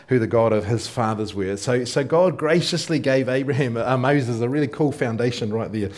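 A man's voice: medium pitch, normal speed, hardly any pauses, a little mellow. A man preaching a sermon in a casual, conversational way, often asking the congregation questions and thinking aloud with fillers and restarts.

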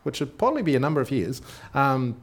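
A man's voice: medium pitch, big pitch swings, fast, husky. A man preaching a sermon in a casual, conversational way, often asking the congregation questions and thinking aloud with fillers and restarts.

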